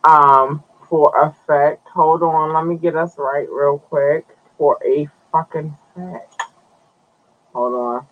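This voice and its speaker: A man's voice: on the high side, fairly even intonation, takes it slowly, narrow, tinny audio. A man hosting a podcast, chatting loosely to his viewers, cursing and drawing out his words. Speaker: podcast host. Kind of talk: casual live-stream news commentary.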